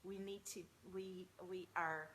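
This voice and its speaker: A woman's voice: lowish voice, fairly even intonation, measured pace, fairly bright tone, a little hiss or hum. Effusive spiritual woman on a live stream. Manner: breathy, effusive, spiritual talk. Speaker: tarot reader hosting a live stream. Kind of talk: casual live-stream chat. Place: large room with very high ceilings. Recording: muffled, echoey room sound.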